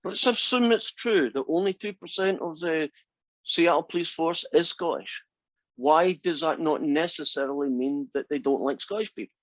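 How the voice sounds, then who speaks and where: A male math teacher lectures his class in a voice pitched a little high. He leads them through one point after another by asking them questions. The recording is dry and dull, with the room's highs cut off. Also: normal speed, no room sound. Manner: asks the class many rhetorical questions. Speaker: math instructor.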